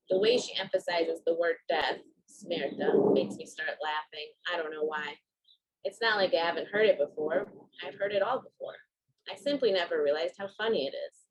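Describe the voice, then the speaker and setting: A woman author reads her own fiction aloud in a measured first-person narration. Her voice sits somewhat low for a woman, with a steady, even reading pace. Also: low-quality recording.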